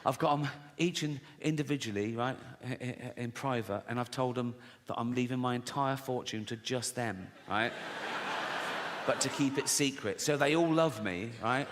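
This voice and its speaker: A man's voice: mid-range voice, moderate pace, big-room sound, a little hiss or hum. An older man performing a stand-up comedy set in a sardonic, swearing manner, often acting out mocking voices.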